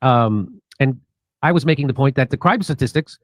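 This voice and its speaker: A man's voice: medium pitch, lively intonation, moderate pace, dry recording, studio quality. Man explaining news in a talk clip. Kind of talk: political talk show commentary.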